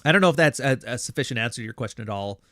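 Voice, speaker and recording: A man's voice: mid-range voice, expressive, very fast, a bit bright, dry recording, clean studio sound. A man hosting a casual livestream, reading super chats and answering in a blunt, profane, rambling way. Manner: blunt, profane, rambling, acts out other people's voices. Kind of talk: casual live-stream talk.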